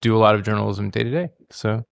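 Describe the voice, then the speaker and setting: Male educator, low gravelly voice with a smooth core, casual and rambling. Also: fast talker, no echo, studio quality. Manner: casual, rambling, many fillers. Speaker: journalism educator. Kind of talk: panel talk to students.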